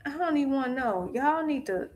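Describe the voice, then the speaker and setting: A chatty woman co-hosting a live boxing stream, quick to laugh. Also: sits high, lively intonation, darkish tone. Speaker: boxing podcast co-host. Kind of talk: casual live-stream chat.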